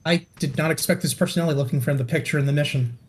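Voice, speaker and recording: A man's voice: on the high side, racing. Wry man bantering over a game. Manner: wry, dry, swearing banter. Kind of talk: casual gaming stream chat.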